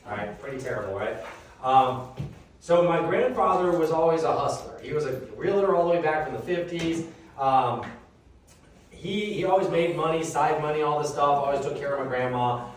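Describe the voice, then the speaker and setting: A man giving a reverse mortgage seminar, telling a long personal story in a casual, animated way. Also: a little high, normal speed. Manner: animated, conversational, swears casually. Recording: echoey room from a distant mic.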